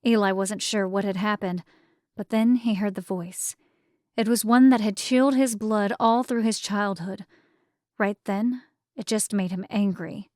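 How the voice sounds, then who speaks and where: A woman reads a fantasy novel aloud in a measured, even way. Her voice sits at a middle pitch for a woman and is recorded close and dry, with no room sound. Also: dry recording. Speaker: audiobook narrator. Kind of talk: scripted narration.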